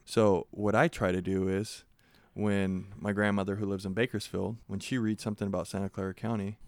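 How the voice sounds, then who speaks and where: Police sergeant guest, gravelly low male voice, earnest storyteller, dry studio sound. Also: dry recording. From San Jose, California. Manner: earnest, animated storyteller acting out quotes. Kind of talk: conversational interview storytelling.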